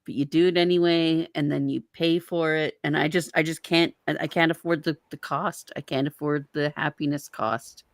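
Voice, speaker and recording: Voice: medium pitch, flat delivery, moderate pace, few pauses, dry recording. A speaker in a casual group chat, trading dry jokes and playful exaggerations. The sound is close and dry. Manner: wry, playful banter.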